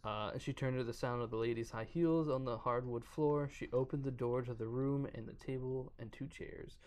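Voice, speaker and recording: A man's voice: medium pitch, steady tone, moderate pace, a little mellow. A man hosting a podcast, casually reading a horror story aloud and stumbling over words now and then. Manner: reads aloud, stumbles, breaks off to joke. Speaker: podcast host.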